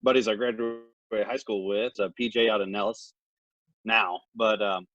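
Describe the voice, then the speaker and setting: A man from the Missouri Ozarks, a guest on a podcast, telling his story in a folksy, animated way. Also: on the low side, moderate pace, dry recording, muffled recording. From Missouri Ozarks, United States. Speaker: guest, military operator. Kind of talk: casual storytelling interview.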